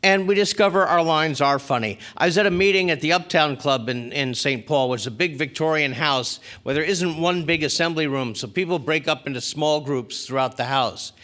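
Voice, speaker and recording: A man's voice: fairly high pitch, fairly quick. A middle-aged man giving a spiritual talk at a recovery convention, telling a story and acting out the people in it. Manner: animated storyteller acting out quoted characters. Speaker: spiritual speaker. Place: large convention hall.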